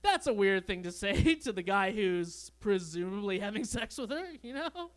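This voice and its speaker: A young man doing a stand-up comedy set on a club stage, with a deadpan, awkward storytelling manner. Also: sits high, normal speed. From Canada.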